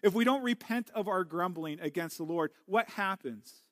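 Man preaching, high voice, earnest, stumbling restarts, dry recording. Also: fairly quick, few pauses, a bit bright, no echo. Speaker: pastor. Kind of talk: sermon. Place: church.

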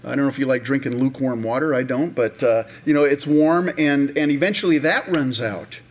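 A man's voice: mid-range voice, brisk. Chatty male pastor preaching conversationally. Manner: conversational, many fillers and restarts; acts out voices of people in the story. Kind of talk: sermon.

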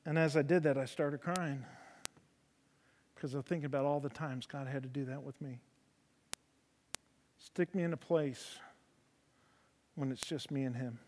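A man preaching a sermon in folksy storytelling style with humor, swinging from loud emphasis to soft, low delivery. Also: steady tone, moderate pace, pauses often, a little hiss or hum. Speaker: preacher in a horse ministry. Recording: long hall reverb.

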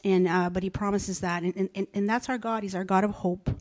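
A woman's voice: mid-range voice, fairly even intonation, fairly quick, darkish tone. An older woman giving an emotional sermon, earnest and repetitive, often dropping to a whisper. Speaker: church speaker.

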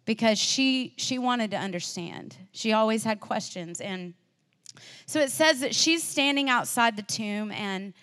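A woman's voice: a little high, lively intonation, measured pace, fairly bright tone. A woman preaching a sermon in an earnest, conversational way, acting out the feelings of the people in the story. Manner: earnest, acts out the disciples' and Mary's feelings in quoted voices; conversational, with fillers and restarts.

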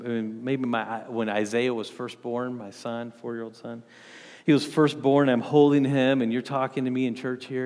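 A man's voice: fairly high pitch, a little mellow. A man in his thirties, a pastor preaching a sermon in church in a conversational way, often checking in with his listeners. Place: church with a podium. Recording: long echo of a church hall.

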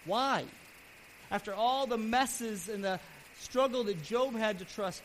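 Man, pastor, sermon, high voice, earnest, rising and falling loudness, hissy recording. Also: slow, low-quality recording. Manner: earnest preaching, swelling louder then dropping soft. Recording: steady background hiss.

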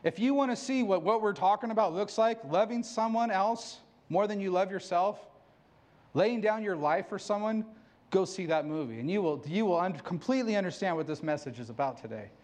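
A man's voice: high-pitched, animated, a little fast, darkish tone. A middle-aged man preaching a sermon, candid and self-mocking, laughing often. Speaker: pastor.

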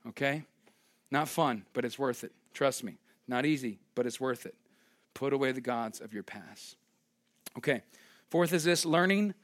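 A man's voice: a little high, fairly bright tone. A young man preaching a sermon as pastor, conversational and emphatic, joking with his congregation.

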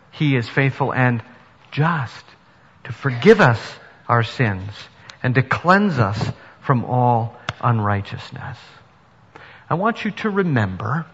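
A man's voice: medium pitch, a bit bright, breathy edge. Preaching man in a reverberant hall. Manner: earnest, rising to emphatic preaching. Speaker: pastor. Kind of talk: sermon. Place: church sanctuary. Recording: dull sound with long reverb in a hall.

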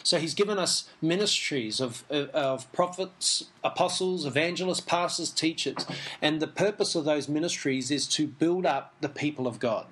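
A man giving a relaxed Bible teaching, reading passages aloud and commenting in an easygoing, chuckling way. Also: fairly high pitch, moderate pace, slight background noise. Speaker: Christian teacher.

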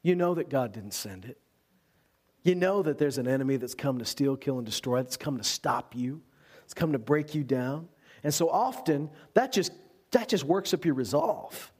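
A man who is a pastor delivering an animated sermon, mixing humor with earnest exhortation. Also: medium pitch, moderate pace, slightly rough. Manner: animated preaching with humor and acted-out voices.

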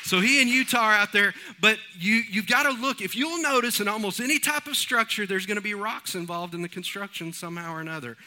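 A man preaching from the pulpit. His voice is high and very bright, with a ringing edge. He tells homespun stories in a folksy, animated way. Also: quick pace, hardly any pauses. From East Texas. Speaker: pastor. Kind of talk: sermon.

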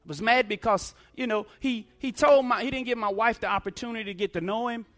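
A man's voice: very high voice, fast talker, fairly bright tone. A middle-aged man preaching a sermon testimony, emphatic, using call-and-response.

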